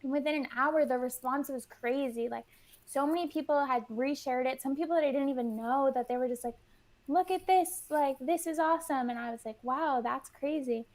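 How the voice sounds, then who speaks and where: A woman's voice: high-pitched, fairly even intonation, fairly quick. A woman guest in casual interview chat, bubbly and full of "like", acting out what she and others said. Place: New York.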